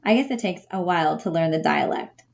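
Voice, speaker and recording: Woman reading as a traveling dad writing his boys, gentle, wry, muffled lo-fi sound. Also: on the low side, expressive, a little fast, creaky. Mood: wistful. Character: worried middle-aged father writing home.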